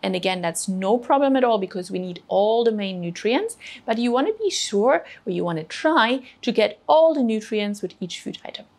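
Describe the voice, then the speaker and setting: A woman's voice: medium pitch, lively intonation, moderate pace, hardly any pauses, darkish tone. A woman presenting a children's cooking show, explaining food patiently and encouraging the kids step by step. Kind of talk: teaching children about food.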